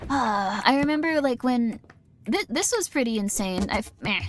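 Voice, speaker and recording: A woman's voice: on the high side, lively intonation, slow pace, pauses often, a little hiss or hum. A woman streaming a game in casual chat, rambling and self-mocking, reading chat as she plays. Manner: rambling, self-mocking, jumps into quoted voices.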